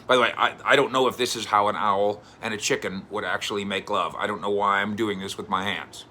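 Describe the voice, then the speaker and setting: Bright-voiced, chatty male sports columnist. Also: lowish voice, a little fast, few pauses. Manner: chatty, animated storytelling with fillers. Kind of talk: casual commentary to camera.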